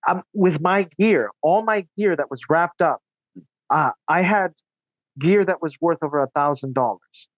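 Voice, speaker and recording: A man's voice: a little high, animated, no echo, highs cut off. A man as a podcast guest, recounting his story in an earnest, indignant way. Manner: earnest, indignant, quick asides. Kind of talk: casual interview storytelling.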